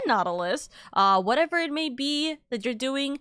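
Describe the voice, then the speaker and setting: A woman's voice: sits high, animated, moderate pace, a bit bright, clear, resonant tone, dry recording. A young adult woman hosting a live stream, chatting casually in a rambling way, with lots of filler and cursing. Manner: rambling, swears freely, many "like"s. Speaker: streamer host.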